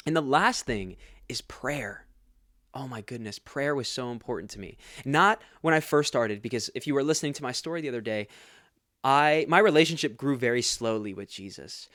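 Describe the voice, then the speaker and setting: A man's voice: mid-range voice, animated, moderate pace, fairly bright tone, no echo, studio quality. A man hosting a faith podcast, talking earnestly and casually and laughing often. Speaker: podcast host.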